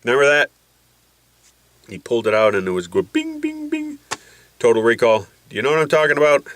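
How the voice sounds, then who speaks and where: A man's voice: medium pitch, expressive, fast. A man telling a rambling, jokey vlog story with his nose packed by a balloon, putting on voices as he goes. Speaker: vlogger.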